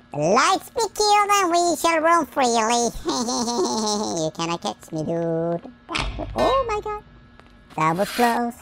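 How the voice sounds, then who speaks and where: A woman giving excitable, silly game commentary, shrieking and chanting sing-song nonsense rhymes. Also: lowish voice, creaky, background noise. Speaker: gaming video host. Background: loud game music.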